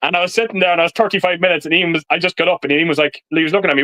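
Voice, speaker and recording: A man hosts a casual movie chat over a video call, blunt and swearing often, tripping over his restarts. His voice sits high for a man, and the sound is dry and close with no room in it. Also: rapid-fire, sharp tone, no room sound. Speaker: live stream host.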